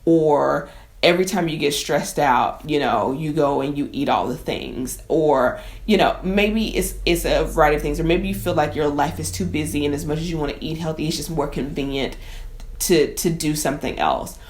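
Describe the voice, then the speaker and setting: Woman, chef, deep voice, heartfelt conversational storytelling. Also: normal speed, a little mellow. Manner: emotional, conversational, addresses viewers as y'all. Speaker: chef and cooking teacher. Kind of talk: personal story to camera.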